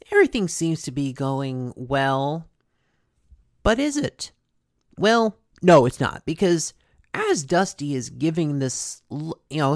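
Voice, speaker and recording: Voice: medium pitch, no echo, studio quality. A host casually recapping a cartoon episode, chatty, with many fillers and asides.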